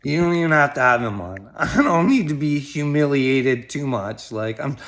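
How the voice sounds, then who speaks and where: A man's voice: medium pitch, lively intonation, normal speed, a bit bright. A middle-aged man rambling straight to camera, swearing heavily and breaking into laughs between phrases. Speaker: video blogger addressing another creator. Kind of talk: rambling direct-to-camera monologue.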